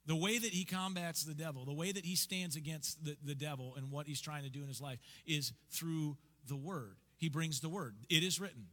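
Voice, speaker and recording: A man preaches with bright, forceful energy, his voice sitting a little high for a man. He keeps asking the congregation questions and answering them himself. The sound rings with the long reverb of a church sanctuary. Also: moderate pace, hardly any pauses. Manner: energetic, emphatic preaching with call-and-response questions. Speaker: pastor. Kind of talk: sermon.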